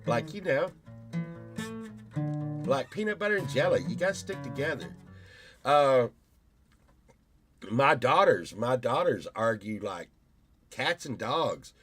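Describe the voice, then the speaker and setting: A man's voice: mid-range voice, sing-song, slow, long pauses, music in the background. A man in his fifties, rambling through a casual vlog monologue and telling stories with many restarts. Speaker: YouTuber.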